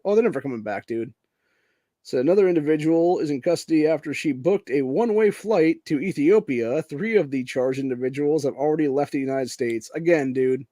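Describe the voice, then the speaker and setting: With a warm, mid-range voice and a fairly quick pace, a man hosts a casual political commentary podcast, recorded with no echo. He reads news items aloud while screen sharing, and as he heats up the profanity flows and "dude" comes up constantly.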